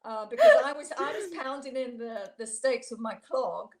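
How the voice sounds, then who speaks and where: A woman's voice: a little high, sing-song, moderate pace. Amused older woman telling a story. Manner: warm, amused, laughs while telling stories. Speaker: guest. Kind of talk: storytelling interview.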